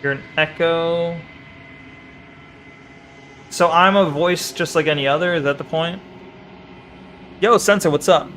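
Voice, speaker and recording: A man's voice: a little high, measured pace, pauses often, a bit bright, a little hiss or hum. Playful young man streaming a game. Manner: playful, chatting to viewers by name. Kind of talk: live gameplay commentary.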